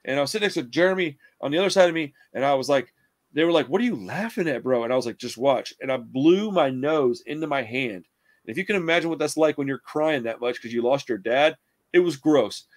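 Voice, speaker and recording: Young dude rambling thru stories, swears a ton, kinda high voice. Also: male voice, expressive, fast talker. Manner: rambling storyteller, swears a lot, says dude and bro. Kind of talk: casual chat.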